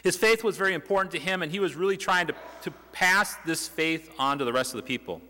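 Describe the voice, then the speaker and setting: A young man delivers a sermon with a bright voice, pitched a little above the usual. He keeps it conversational, asking rhetorical questions and restarting his sentences. His words ring out with long reverb in the church hall. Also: fast. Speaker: preacher. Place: church sanctuary.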